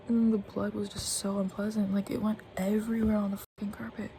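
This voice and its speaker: A woman's voice: medium pitch, flat delivery, fast, few pauses, warm tone, slight background noise. Tired, venting young woman. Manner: frank and venting, swears often, slips into whispers. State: tired and in pain. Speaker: art vlogger. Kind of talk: personal vlog rant.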